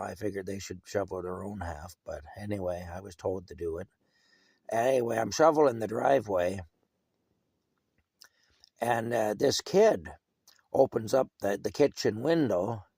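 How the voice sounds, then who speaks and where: Gravelly older man telling a story. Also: lowish voice, darkish tone, dry recording, studio quality. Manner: rambling, chuckling, filler-heavy. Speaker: vlogger. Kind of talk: casual storytelling monologue.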